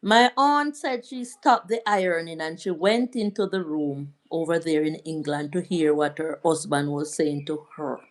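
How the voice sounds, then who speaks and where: A woman's voice: deep voice, normal speed, few pauses. A middle-aged Jamaican woman hosting a live stream, telling a family story and answering viewers' comments. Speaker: livestream host. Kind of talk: casual live chat and storytelling.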